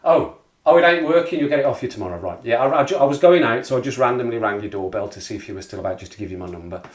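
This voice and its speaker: A man's voice: medium pitch, animated, very fast. Chatty Black Country man streaming live. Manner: chatty, jokey, reads out viewer messages. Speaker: livestream host. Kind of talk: casual live-stream chat. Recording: echoey room.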